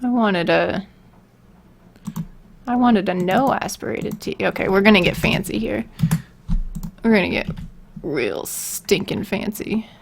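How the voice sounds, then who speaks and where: A woman talking slowly in a gravelly, creaky voice, half to herself and half to her viewers. She thinks aloud through her work in a loose, unscripted way, answering questions from her chat as they come. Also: medium pitch, animated, slight background noise. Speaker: voicebank creator streaming. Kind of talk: casual live-stream chat, thinking aloud.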